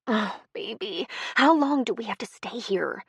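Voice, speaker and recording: A woman's voice: a little high, expressive, a little slow, creaky, husky, dry recording, voice pushed up, full character voice. A woman voicing a lovesick adult woman who pleads and complains in an audiobook. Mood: whiny. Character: infatuated whiny adult woman.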